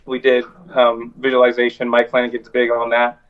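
A man's voice: medium pitch, monotone, moderate pace, muffled recording. A man talking as a wrestler guest in a casual interview, telling stories in a loose, rambling way.

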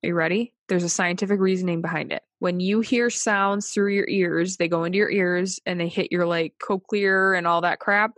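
A woman's voice: fairly low pitch, steady tone, normal speed, hardly any pauses, fairly bright tone, no room sound. A woman co-hosting a podcast in casual, jokey chat, swearing freely. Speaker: podcast co-host.

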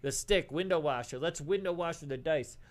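A man's voice: a little high, a little fast. A middle-aged man telling casual stories as a co-host on a livestream, swearing and saying "dude" a lot. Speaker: podcast co-host.

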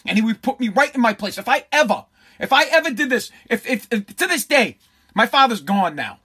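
A man in his forties rants bluntly and profanely through his commentary. His voice sits very high and sounds bright and tense. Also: sing-song, brisk, slightly rough. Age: 40s. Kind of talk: ranting commentary.

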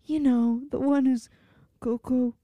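A young woman putting on a sweet, rambling old grandma, trying for a Georgia drawl and drawing every word out slowly. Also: high-pitched, little pitch movement, no room sound, muffled recording. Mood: doddering. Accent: Georgia attempted. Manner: slow drawling delivery.

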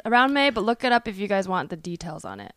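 A woman hosting a podcast in casual chat, rambling and upbeat, a bit hoarse as she loses her voice. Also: medium pitch, very animated, quick pace, a bit bright, dry recording. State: losing her voice. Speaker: podcast host. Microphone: studio microphone at a desk.

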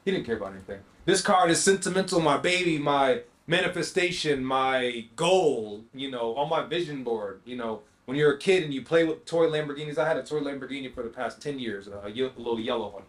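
A man hosting a podcast, telling a story in a slangy, animated way and acting out both sides of the conversation. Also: medium pitch, fairly quick, few pauses. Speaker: podcast host. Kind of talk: storytelling monologue. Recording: roomy echo.

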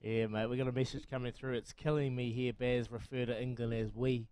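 A man's voice: medium pitch, little pitch movement, a little fast, a little mellow, clean tone, no echo. A man with a New Zealand accent hosting a matey, enthusiastic chat. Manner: matey, enthusiastic, laughs often. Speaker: radio host. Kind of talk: casual chat.

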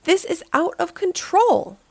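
A woman voicing a grumpy male monster in a children's storybook read-aloud, speaking in grumbling, gruff complaints. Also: very high-pitched, lively intonation, unhurried, dry recording, pitched above the performer's own voice, full character voice.

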